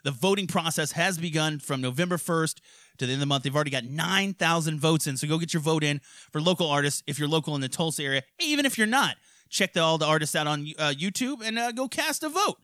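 A man from hosting a podcast, telling crude stories in a rowdy, profane, animated way. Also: fairly high pitch, quick pace, no echo, clean studio sound. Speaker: podcast host. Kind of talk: crude casual storytelling.

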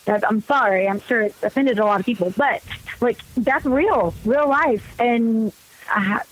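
A young woman talks as an interview guest, outgoing and animated, her voice sitting a little high. She rambles happily with plenty of fillers, and it sounds like a radio broadcast. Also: moderate pace, breathy edge, poor audio. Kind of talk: casual interview.

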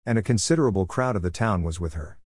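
Male scripture reader, low voice, measured delivery, dry close sound. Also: a little mellow, breathy edge, no echo. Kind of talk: scripted Bible reading.

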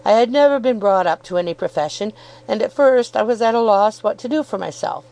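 A woman's voice: mid-range voice, expressive, brisk, vocal fry, dark tone, pitched above the performer's own voice, poor audio. A woman voicing a good-humoured, cheerful young law student in an audiobook, chuckling and self-deprecating. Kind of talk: audiobook character reading.

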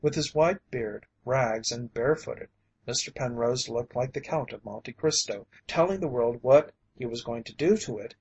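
A man reading a story aloud as an audiobook narrator, in a steady, even manner. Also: mid-range voice, normal speed, slightly rough, poor audio. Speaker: audiobook reader.

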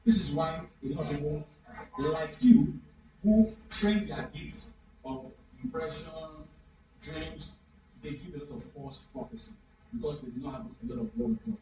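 A male pastor with a mellow, highish voice and lively intonation delivers an interactive sermon at a normal pace, repeatedly pressing the congregation with questions. It was recorded in a church hall, and the sound is echoey, distant and dull.

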